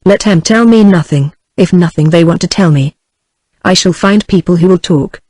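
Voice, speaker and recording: A woman's voice: on the low side, normal speed, a little mellow, no room sound, lightly acted. Synthetic woman reading a huffy sweating banker. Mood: gruff. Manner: grumbling huskily. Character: blustering male banker, sweaty and furious.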